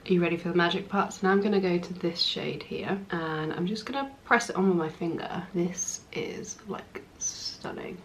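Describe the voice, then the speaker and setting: A young woman chatting through a makeup tutorial, gushing about the products and often dropping into a soft whisper. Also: fairly low pitch, a little hiss or hum, rough recording. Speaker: makeup artist.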